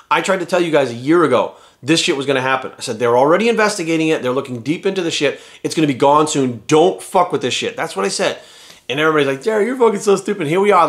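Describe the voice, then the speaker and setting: A fast-talking man with a slightly raised pitch, ranting at his viewers in a blunt, profane, lecturing way. He talks casually, piling up swear words as he lays down the law. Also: fairly bright tone. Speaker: fitness coach and vlogger.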